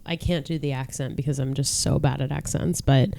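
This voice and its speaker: A woman's voice: extremely low pitch, fairly even intonation, brisk, creaky, hardly any pauses, mellow, a little hiss or hum. A young woman, a podcast co-host telling a story in casual chat, full of fillers. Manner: chatty storytelling with lots of fillers.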